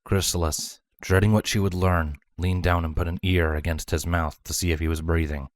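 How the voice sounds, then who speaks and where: Man, very deep voice, measured dramatic story narration, dry close sound. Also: steady tone, dry recording. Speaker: fanfiction reader.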